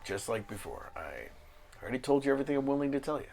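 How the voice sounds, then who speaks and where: A man's voice: medium pitch, sing-song, fast, creaky, a little mellow, soft background music. A man playing a cold, curt hired captive. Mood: dismissive.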